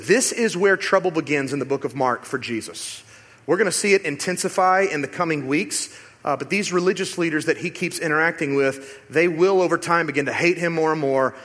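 Guy pastor preaching, lively and rhetorical, voice a bit high, big echoey church hall. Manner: animated, rhetorical, with shifts into quoted voices. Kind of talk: sermon. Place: church sanctuary. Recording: long hall reverb.

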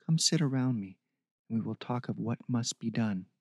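A man voicing a stern, mysterious older woman who speaks gently but with authority. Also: medium pitch, no room sound, clean studio sound, lightly acted. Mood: calm commanding. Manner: gentle, measured, commanding.

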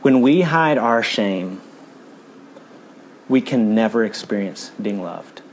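This earnest sermon comes from a man preaching in church, his delivery moving from quick, forceful stretches down to soft, quiet ones. His voice is expressive, with a slight amount of background noise.

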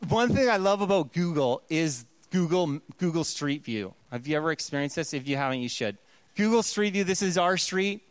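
Pastor preaching in a high, dry voice. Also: male voice, animated, moderate pace, clear, resonant tone, dry recording. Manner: conversational and playful, acting out quoted voices. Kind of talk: sermon.

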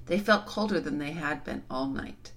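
Expressive woman reading a storybook. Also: low-pitched, moderate pace, slight background noise. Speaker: storybook reader. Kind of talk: reading a novel aloud.

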